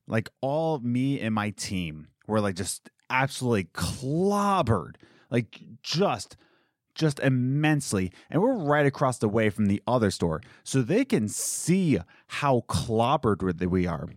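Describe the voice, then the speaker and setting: A man's voice: mid-range voice, sing-song, unhurried, no echo, studio quality. A young man, a coffee shop worker, venting in casual chat, rambling and exasperated, mocking the people he quotes.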